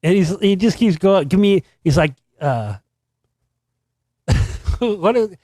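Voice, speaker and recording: A middle-aged man hosting a show, telling a story in a casual, profane, animated way and laughing as he goes. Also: high voice, takes it slowly, no room sound, clean studio sound. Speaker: podcast host.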